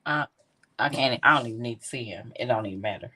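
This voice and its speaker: A woman's voice: extremely low pitch, fast, crowd noise. A woman co-hosting a live podcast, talking sassy and emphatic in casual banter. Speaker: co-host.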